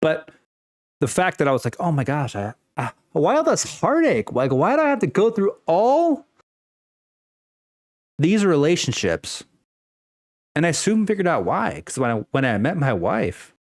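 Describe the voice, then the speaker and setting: A young man rambles through an unscripted personal rant, full of fillers, restarts and casual swearing. His voice leaps high and drops low as he talks. The sound is close and dry, with no room echo. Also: wildly swooping pitch, unhurried, pauses often. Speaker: vlogger.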